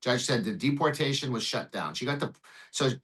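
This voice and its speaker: A man who works as an immigration lawyer, telling a case story in an interview in an animated way, swearing and acting out the dialogue. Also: medium pitch, a little fast, low-quality recording. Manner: animated, profane, acts out dialogue.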